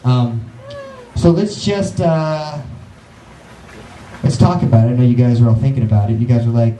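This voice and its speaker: Self-mocking stand-up comic, echoey venue. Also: male voice, medium pitch, a little fast, dark tone, slight background noise. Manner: self-mocking, rambling asides. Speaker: stand-up comedian. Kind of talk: live stand-up comedy. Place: small live venue. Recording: echoey room, mic far off.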